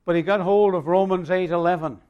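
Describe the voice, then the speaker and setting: A male pastor preaching a sermon, emphatic and swinging between loud and quiet, telling stories with long pauses. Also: sits high, fairly even intonation, clear, resonant tone, lo-fi sound.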